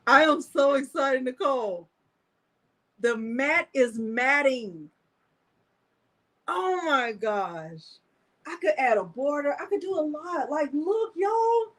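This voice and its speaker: A woman hosting a live crafting tutorial, talking straight to her viewers in an animated, exclamatory way. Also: high voice, slow pace, pauses often.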